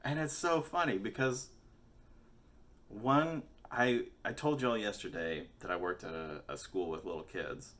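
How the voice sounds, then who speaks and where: Low-voiced man telling a rambling story. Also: measured pace, a bit bright. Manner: rambling, profane, self-mocking. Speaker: musician and vlogger. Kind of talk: casual storytelling.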